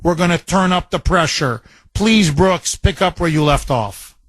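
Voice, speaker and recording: Fiery talk radio host, man, high-pitched delivery, dry close studio sound. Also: unhurried, no room sound. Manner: ranting, indignant, emphatic. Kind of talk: political talk radio monologue.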